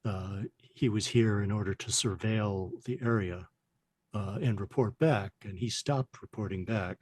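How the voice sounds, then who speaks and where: A man's voice: on the low side, unhurried, a little mellow, no room sound. A man playing a tabletop game in character, hesitant and stumbling over his words. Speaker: player. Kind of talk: in-character tabletop role-play.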